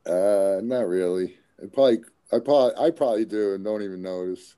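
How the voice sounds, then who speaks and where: Mellow-voiced man, joking and laid-back. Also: on the low side, brisk. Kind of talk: casual chat.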